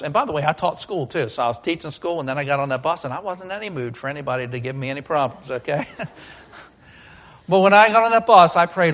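Middle-aged male pastor, sermon, emphatic then hushed delivery, slightly raised pitch. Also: animated, fairly quick. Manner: preaching with emphatic swings from loud to hushed.

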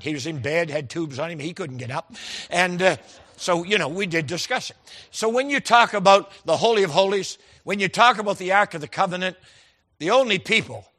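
A man's voice: fairly high pitch, pushed and bright. A man preaching a sermon, telling folksy stories with quoted dialogue and stressing key words emphatically.

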